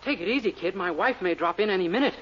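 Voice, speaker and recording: A man's voice: sits high, animated, fast talker. A man playing a breezy, wisecracking young fellow posing as his boss, in 1940s radio comedy acting. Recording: dull 1940s radio broadcast, faint hiss.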